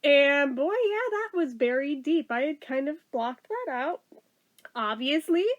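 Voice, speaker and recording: A young woman with a high voice talks straight to camera in a loose storytime vlog. She gets emotional and teary, drops swear words freely, and keeps the telling casual and personal. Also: lively intonation, unhurried, lo-fi sound. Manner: emotional, swearing, laughing and tearing up while telling. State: teary, welling up. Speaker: vlogger.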